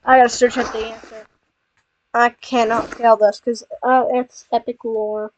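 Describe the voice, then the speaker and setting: A woman's voice: a little high, flat delivery, unhurried, a little hiss or hum. A woman giving snarky, joking commentary over a game playthrough. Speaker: let's player. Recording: dull dry lo-fi recording.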